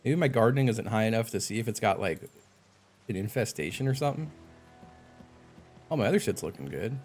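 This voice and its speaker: A man's voice: mid-range voice, brisk, long pauses. A male game streamer talking casually to his live chat, his voice swinging widely up and down as he curses and vents. Faint music plays underneath. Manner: animated, swearing, exasperated outbursts.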